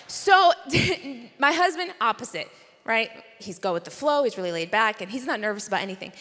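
A woman's voice: a little high, very animated, moderate pace, a bit bright. A young woman preaching at a conference, telling a personal story in a playful, chatty way with asides to the crowd. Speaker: conference speaker. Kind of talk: sermon. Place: large conference hall. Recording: reverberant conference hall.

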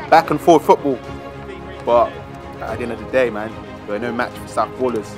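A young-sounding man calls a football match for his own club in a loose, slangy commentary style, cheering and groaning over each play. His voice sits at a middle pitch, with a music bed and crowd noise running underneath. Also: normal speed. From South London. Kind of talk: excitable amateur football commentary.

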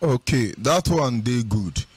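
A man speaking Nigerian Pidgin as a host answering questions, in a sing-song, animated way that acts out other people's voices. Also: medium pitch, slow, breathy edge, dry recording. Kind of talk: casual spoken commentary.

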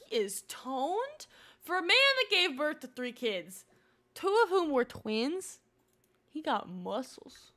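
High, lively-voiced woman streamer. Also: slow pace. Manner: chatty, gushing and excitable, talks to the game characters. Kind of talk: live gameplay commentary.

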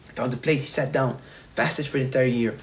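Rabbi retelling a parable. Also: male voice, medium pitch, fairly quick, slight background noise, rough recording. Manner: animated retelling with repetitions. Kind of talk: sermon storytelling.

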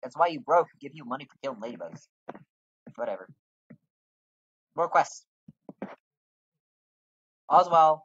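Sarcastic gamer riffing on a fantasy game, husky voice, pitch all over, dull dry mic. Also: animated, measured pace, long pauses, no room sound. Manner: sarcastic, swearing, jokey. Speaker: let's play gamer. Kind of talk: casual game commentary.

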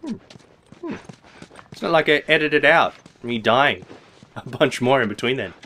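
A man doing jokey, excitable gameplay commentary, yelping and muttering as he plays. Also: mid-range voice, normal speed, slight background noise. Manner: excitable, jokey, swears mildly, yelps when hit. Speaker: let's play gamer. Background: game music.

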